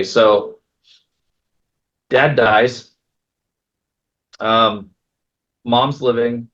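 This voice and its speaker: Male attorney, casual seminar storyteller, gravelly voice, lo-fi sound. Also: fairly low pitch, fairly bright tone. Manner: casual, storytelling, many fillers. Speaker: estate planning attorney. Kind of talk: seminar talk with stories. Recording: dull lo-fi recording.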